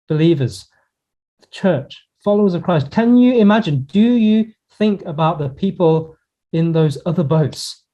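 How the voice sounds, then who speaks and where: Earnest male pastor, mellow voice. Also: sits high, muffled recording. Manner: earnest, reflective preaching with pauses and slowed emphasis. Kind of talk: sermon. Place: church in Hong Kong.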